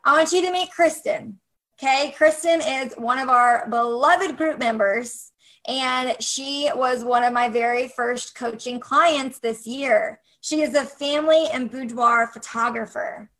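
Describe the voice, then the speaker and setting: A woman's voice: sits high, a little slow, fairly bright tone, rough recording. A woman coaching photographers on a casual livestream, upbeat and encouraging, speaking straight to her viewers.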